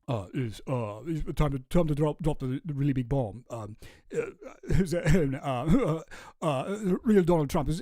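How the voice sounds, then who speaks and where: A man doing an impression of a halting, smug billionaire tech mogul who stammers through many uhs. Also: on the high side, dry recording, clean studio sound, heavily acted.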